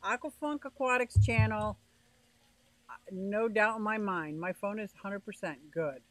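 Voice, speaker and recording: Speaking a little slowly in a medium-pitched voice, a livestream host from the northeastern US chats casually and welcomes viewers by name while reading their comments. The audio quality is poor.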